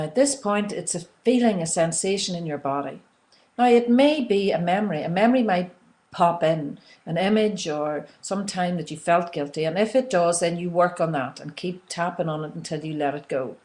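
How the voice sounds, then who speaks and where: A woman coaching listeners through an emotional tapping exercise, often checking in with "okay?" and leading them in slow breathing and softly repeated release phrases. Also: lowish voice. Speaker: self-help coach. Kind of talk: guided instructional talk on emotional tapping.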